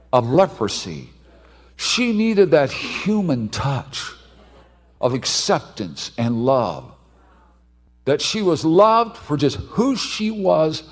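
A man preaching a sermon, telling a story with animated delivery and sudden shouted outbursts. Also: fairly high pitch. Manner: animated, acts out voices, bursts into shouts.

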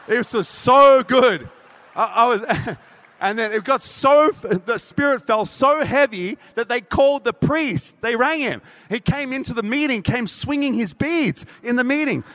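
A man with a high voice preaches in a sermon, telling stories and acting out every quoted line. His voice rings with a long reverb, as in a church hall. He now and then laughs at himself mid-story. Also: expressive, normal speed, sharp tone.

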